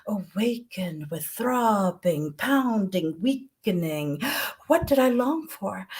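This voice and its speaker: A woman's voice: medium pitch, husky. A woman performing spoken word poetry at an open mic, sensual and dramatic, often dropping into whispers.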